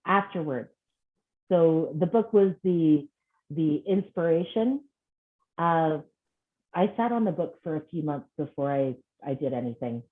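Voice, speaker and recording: Woman on a tinny phone-like line. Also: fairly low pitch. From Scotland. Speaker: guest children's author. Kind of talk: casual interview chat.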